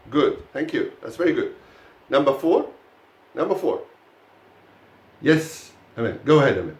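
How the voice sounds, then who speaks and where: A man teaching a live pronunciation lesson to a class, praising students warmly as they answer. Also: mid-range voice, measured pace, long pauses, echoey room. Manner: encouraging, lively praise of students. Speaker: English teacher.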